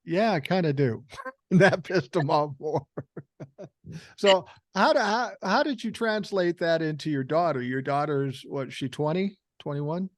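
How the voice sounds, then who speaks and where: A man's voice: fairly high pitch, unhurried, no room sound, studio quality. An older man hosting a podcast in casual conversation, blunt and swearing freely, often repeating words as he starts a thought. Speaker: podcast host.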